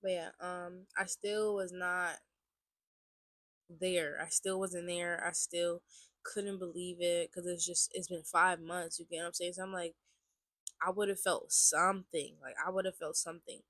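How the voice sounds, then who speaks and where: This vlogger, a woman in her twenties with a congested voice, rambles through a personal testimony for the camera, often repeating herself and using plenty of "likes." Her lowish voice is flat and fairly bright, her pace measured, and the recording is dry.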